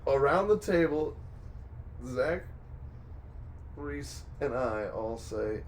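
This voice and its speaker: A man's voice: mid-range voice, lively intonation, drawn-out words, long pauses, a little hiss or hum, poor audio. A man co-hosting a podcast in casual chat, teasing his friends with crude jokes. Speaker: podcast co-host.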